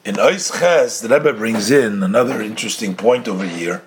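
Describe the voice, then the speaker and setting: A man's voice: fairly low pitch, moderate pace, slight background noise. A man teaching a Torah text, explaining phrases in English mixed with Yiddish and Hebrew terms in a sing-song study cadence. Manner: explains by translating phrases, then restating them. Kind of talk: Talmudic-style study lesson.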